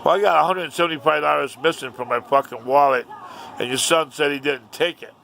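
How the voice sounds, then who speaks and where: A man's voice: on the high side, a little fast, fairly bright tone, a little hiss or hum. Man doing a menacing foul-mouthed father. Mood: indignant. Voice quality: profane, gruff, blunt.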